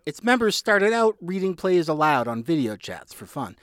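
A man reporting a news feature, reading a script in a clear, measured way. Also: a little high, big pitch swings, a bit bright.

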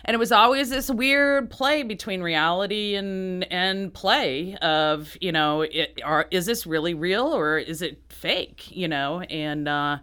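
A woman artist answering interview questions, halting with many restarts and often laughing. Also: on the low side, bright, forceful tone, clear, resonant tone. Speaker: artist, guest. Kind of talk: interview conversation.

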